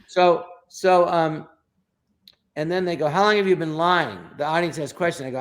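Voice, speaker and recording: An older man spins show-business stories in a slightly high voice, full of stammers and restarts. He jumps into quick little impressions of the people in each story, then drops back into easy chat. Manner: animated, acts out quotes with voices, stammers and restarts. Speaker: guest comedian. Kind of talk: casual interview storytelling.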